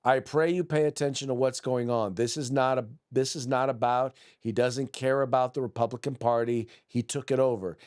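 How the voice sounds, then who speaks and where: A man's voice: medium pitch, steady tone, normal speed, few pauses, darkish tone, clean tone. A man hosting a political podcast, combative and blunt, who reads news articles aloud, often restarts and repeats words. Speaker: podcast host.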